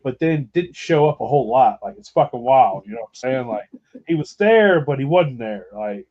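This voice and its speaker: A man's voice: medium pitch, expressive, moderate pace, darkish tone, lo-fi sound. A man hosting a podcast, telling a rambling, profane story with laughter in casual chat. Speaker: podcast host.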